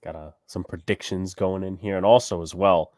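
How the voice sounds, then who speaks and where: A man co-hosting a casual sports podcast, low-key and dry, reading from the chat and giving predictions that trail off at the ends. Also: fairly even intonation, moderate pace, darkish tone, no room sound. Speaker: podcast co-host, reads the chat.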